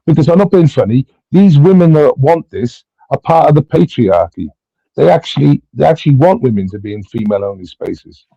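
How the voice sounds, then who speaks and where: A man's voice: mid-range voice, lively intonation, a little fast, vocal fry, slightly rough, no room sound, dull audio. A British man in a heated casual debate who stammers, repeats words and swears a lot. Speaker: panel host.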